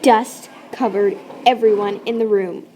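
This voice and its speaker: Slow, expressive woman reading a children's story. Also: medium pitch, slight background noise. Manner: expressive, playful sound effects. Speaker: storybook reader. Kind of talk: children's story read-aloud.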